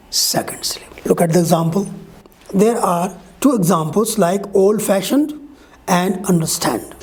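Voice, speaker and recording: Woman, teacher, mellow voice, patient step-by-step explaining, mid pitch. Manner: slow, step-by-step explanation with many pauses. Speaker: English teacher. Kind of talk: explaining a lesson to viewers.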